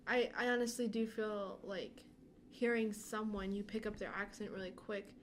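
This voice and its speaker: A woman co-hosting a podcast in relaxed, chatty conversation. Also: mid-range voice, moderate pace, a little hiss or hum. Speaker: podcast co-host. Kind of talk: casual chat.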